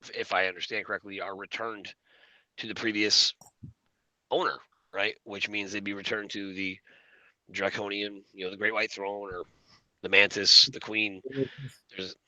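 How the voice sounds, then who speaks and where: A man with a fairly low, very bright and forceful voice rambles through a casual conversation, full of fillers and restarts. The sound is dry and close. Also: little pitch movement, normal speed, pauses often, no echo, rough recording. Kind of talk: casual conspiracy talk.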